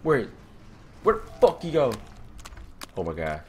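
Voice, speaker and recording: A young man giving profane gameplay commentary, muttering to himself and then yelling taunts and curses at attackers. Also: medium pitch, sing-song, a little slow, breathy edge. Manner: swearing, yelling taunts at enemies, swinging between mutters and shouts. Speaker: let's play gamer.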